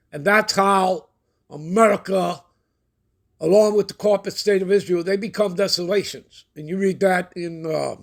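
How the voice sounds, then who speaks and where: A man's voice: high-pitched, creaky. A man hosting a prophecy channel, reading news reports and scripture aloud and commenting on them. He keeps checking in with his listeners and stops now and then to look things up. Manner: checks in with listeners constantly ("all right?", "okay?"); pauses while looking things up.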